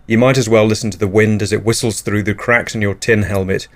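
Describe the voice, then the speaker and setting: A man hosting an absurdist comedy podcast, delivering whimsical nonsense in a deadpan way. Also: fairly low pitch, fairly quick. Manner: deadpan, whimsical, jumps into silly voices. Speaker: podcast host.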